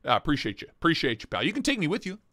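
Livestream host guy, kinda high voice, loose and profane, reads chat names out. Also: wildly swooping pitch, rapid-fire, sharp tone, no echo, clean studio sound. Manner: profane, joking, greets chat by name. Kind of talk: casual live chat.

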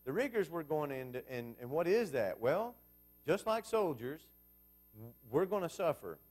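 Male preacher, fairly high voice, chatty sermon that turns to the congregation with questions. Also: sing-song, normal speed, a little mellow. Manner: conversational, asks the congregation questions. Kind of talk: Bible class sermon.

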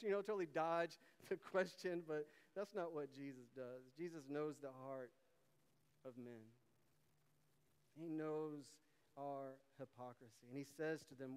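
Pastor, male, high and resonant, animated sermon delivery, reverberant sanctuary. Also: a little slow, clear, resonant tone. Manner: animated, acts out quotes with big swings in volume. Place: church sanctuary.

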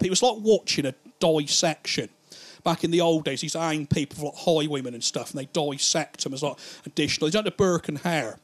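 A man doing stand-up, telling rambling, profane stories and laughing at his own jokes. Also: on the high side. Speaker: stand-up comedian. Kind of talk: stand-up storytelling.

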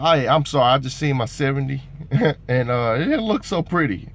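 A man's voice: medium pitch, expressive, fairly quick, creaky, slight background noise. A man who drives trucks talking in a casual vlog monologue. He rambles in a motivational way and keeps tossing in "man".

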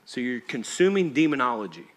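A man's voice: mid-range voice, big pitch swings, fairly quick. A man preaching a church sermon, talking to the congregation in a conversational, emphatic way and often checking that they follow. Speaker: pastor.

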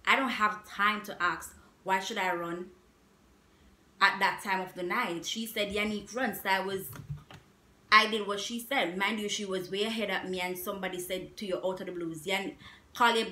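Bright-voiced young woman telling a story. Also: medium pitch. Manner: animated, repetitive retelling with emphatic asides. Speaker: vlogger. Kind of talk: casual storytime. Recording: echoey room.

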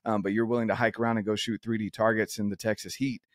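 A man's voice: on the low side, little pitch movement, fast talker, no echo, clean studio sound. A man hosting an outdoors podcast, talking earnestly in a rambling way with many restarts. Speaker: podcast host. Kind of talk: casual interview chat.

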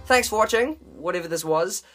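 A man's voice: high voice, expressive, a little fast, music in the background. A young man from New Zealand with a mixed New Zealand accent, hosting a comedic vlog with jokey, self-mocking asides. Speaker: video host.

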